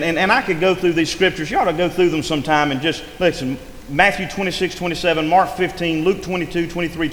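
A man's voice: fairly high pitch, a bit bright. A man preaching a sermon in a rising and falling preaching cadence, often stressing his words. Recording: echoey hall with long reverb, faint noise.

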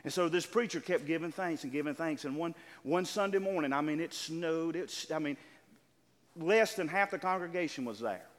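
Older preacher with a slightly high voice in a reverberant church. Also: male voice. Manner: calls to the congregation, drawing out key words slowly and swelling louder. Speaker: pastor. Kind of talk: sermon. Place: church sanctuary.

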